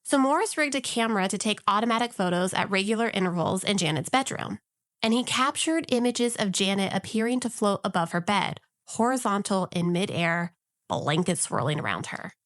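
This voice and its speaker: A woman's voice: medium pitch, animated, a little fast, a bit bright, dry recording, clean studio sound. A woman co-hosting a podcast, telling a story in a casual, wry and jokey way. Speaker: podcast co-host.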